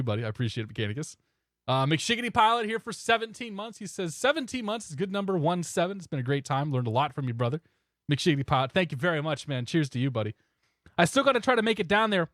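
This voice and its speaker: Man, flight sim streamer, relaxed casual chat, fairly high voice, very animated pitch, dry close sound. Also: no echo. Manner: relaxed, chuckling, thanks viewers by name.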